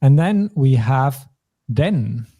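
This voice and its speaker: A man's voice: medium pitch, expressive, drawn-out words, dark tone, husky. A man from German-speaking Europe hosting a language lesson, patiently explaining phrases and vocabulary step by step. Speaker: language teacher.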